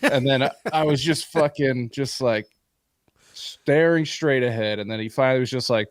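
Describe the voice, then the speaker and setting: A man hosting a comedy podcast, telling a story in a profane, animated, ranting way. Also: mid-range voice, normal speed, dry recording, clean studio sound. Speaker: podcast host.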